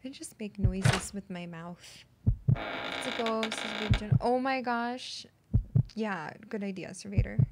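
A woman's voice: mid-range voice, steady tone, a little slow, heavy background noise. A young woman from the United States streaming a game, goofy and casually swearing as she reads text aloud. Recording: loud game music under voice.

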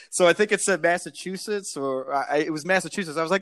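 A high-pitched man from New York, riffing animatedly in a sweary comic chat, slipping into voices of the people he describes. He is heard close on a dry mic. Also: fast talker, no room sound. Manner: animated, profane, mimics people in his stories. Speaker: podcast guest, comedian. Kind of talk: casual chat.

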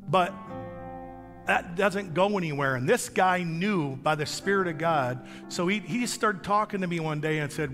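Older guy preaching, tells his story with jokes at himself, a bit high-pitched, echoey church hall, faint music. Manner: storytelling, animated, self-deprecating humor. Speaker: guest pastor. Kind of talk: sermon with personal testimony. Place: church sanctuary.

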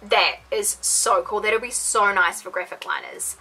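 Gushing young woman, bright voice. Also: medium pitch, animated, measured pace, few pauses, slightly rough, faint music behind, rough recording. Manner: gushing, gasping, repeated exclamations. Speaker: beauty vlogger. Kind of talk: excited unboxing vlog. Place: bedroom.

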